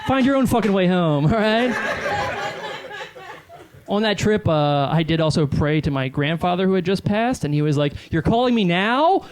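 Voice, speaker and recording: A man's voice: sits high, expressive, heavy background noise. Hesitant young man doing stand-up. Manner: halting, filler-heavy, hesitant delivery. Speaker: stand-up comedian. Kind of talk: stand-up comedy. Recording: live stand-up with audience laughter.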